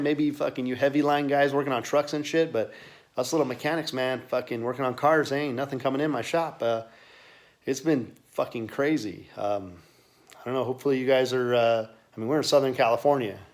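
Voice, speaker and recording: A man's voice: mid-range voice, fairly quick. A man who runs a car repair shop, showing his workshop in a profane, rambling, casual way. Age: adult with children. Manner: profane, ranting, casual bro talk. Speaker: auto mechanic and shop owner. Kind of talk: unscripted workshop tour.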